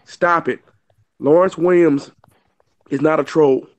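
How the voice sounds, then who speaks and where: A man's voice: a little high, takes it slowly, highs cut off. A man speaking emphatically and at length as a guest on a casual online boxing panel, stumbling and restarting. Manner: emphatic, preachy, lots of restarts.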